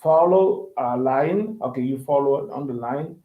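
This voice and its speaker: A man teaches English online at a measured pace, his voice sitting in the middle range. He often begins his explanations again and confirms he's understood. The recording has the hollow, tinny sound of an internet call.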